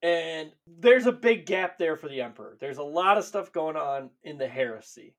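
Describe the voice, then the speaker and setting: A man co-hosting a podcast, retelling lore in casual, profane, animated chat and laughing often. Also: on the high side, normal speed. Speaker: podcast co-host.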